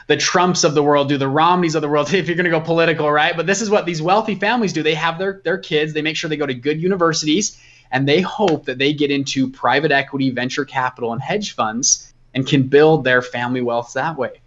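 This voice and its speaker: A young man, a guest entrepreneur, telling a personal story in a casual, animated way, acting out the dialogue as he goes. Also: fairly high pitch, dull audio.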